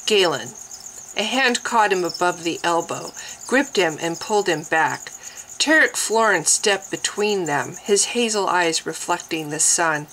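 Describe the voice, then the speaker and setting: Audiobook narrator, woman, unhurried and deliberate, bright crisp tone, pitch a bit low. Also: animated, slight background noise, poor audio. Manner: slow, deliberate reading. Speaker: audiobook reader. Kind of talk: fantasy novel narration.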